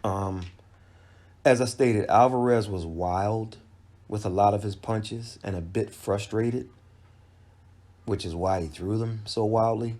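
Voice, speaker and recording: A man with a low, dark voice talks through a boxing fight in an unhurried way. He is a casual channel host, emphatic and conversational, and often restarts mid-sentence. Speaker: boxing commentator. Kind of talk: casual video commentary.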